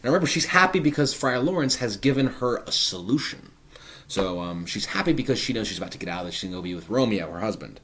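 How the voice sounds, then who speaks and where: A man's voice: on the low side, expressive, fast talker, fairly bright tone. A man teaching a play, explaining each line in a conversational, paraphrasing way with casual fillers. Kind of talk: explanatory literature lesson.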